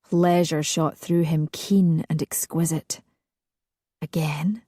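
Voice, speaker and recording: An audiobook narrator, a woman with a low, husky, mellow voice, reads a historical romance slowly, in a hushed and sensual way. Her tone stays steady, and the recording is dry and close, with no room sound or echo.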